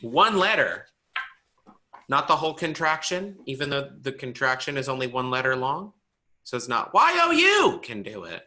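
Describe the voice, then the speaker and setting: Brief: male teacher on a video call, bright tone, quizzes students and jokes as he explains. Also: mid-range voice, sing-song, normal speed. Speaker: braille teacher. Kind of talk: online class instruction.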